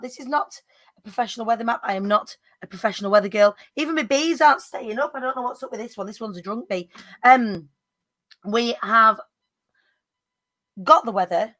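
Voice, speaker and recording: Husky, hoarse woman, cheeky live-stream host, forceful bright tone. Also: on the high side, brisk, pauses often, no room sound. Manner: chatty, cheeky, greets viewers by name. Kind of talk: upbeat live-stream chat.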